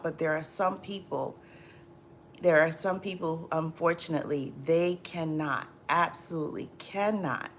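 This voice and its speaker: A woman hosting a casual livestream, laughing often and chatting with viewers in drawn-out, repetitive phrasing full of fillers. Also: lowish voice, a bit bright, a little hiss or hum. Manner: laughs often, reads and answers viewer comments. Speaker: livestream host.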